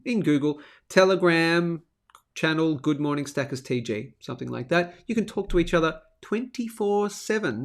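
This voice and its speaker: Chatty Australian man hosting a live stream. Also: on the high side. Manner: chatty, upbeat, reads out viewer comments. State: sick with a throat infection, coughing. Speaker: host of a live stacking show. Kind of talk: casual live-stream chat.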